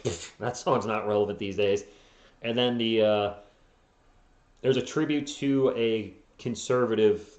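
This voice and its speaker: A man hosting a live fan stream, calling play-by-play and chatting casually with viewers between plays, often chuckling. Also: medium pitch. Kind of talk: fan play-by-play commentary with chat replies. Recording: roomy, slightly dull home stream audio.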